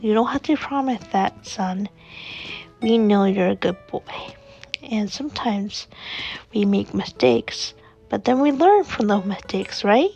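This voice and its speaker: A woman's voice: medium pitch, expressive, measured pace, vocal fry, darkish tone, dull audio, soft background music. A woman voicing a caring father fox who speaks firmly but reassuringly to his son. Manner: firm, reassuring scolding.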